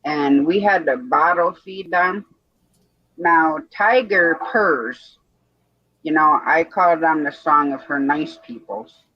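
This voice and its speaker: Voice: mid-range voice, takes it slowly, breathy edge, lo-fi sound. A person chatting casually on a livestream, telling folksy stories. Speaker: livestream chat participant. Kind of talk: casual chat.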